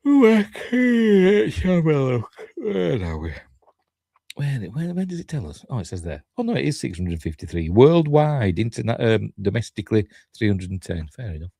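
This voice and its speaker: A man's voice: medium pitch, sing-song, moderate pace, gravelly, warm tone, no room sound, studio quality. A tired man with a Yorkshire accent hosting a casual live stream, rambling and self-deprecating with chuckling asides. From Yorkshire, England. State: tired, yawning. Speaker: YouTube host.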